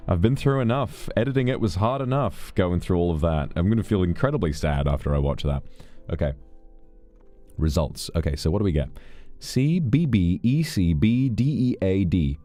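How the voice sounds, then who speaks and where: British man, deep voice, very expressive pitch, casual rambling stream chat, swears. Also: moderate pace, faint music behind. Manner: rambling, swears freely, animated storytelling.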